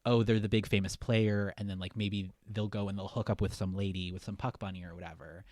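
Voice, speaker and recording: A young man with a fairly low voice talks loosely about a movie, filling his sentences with "like" and "um." He sounds close to the mic in a dry, deadened space. The tone is casual podcast chat. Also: a little fast, no room sound. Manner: relaxed, rambling, lots of fillers. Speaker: podcast co-host.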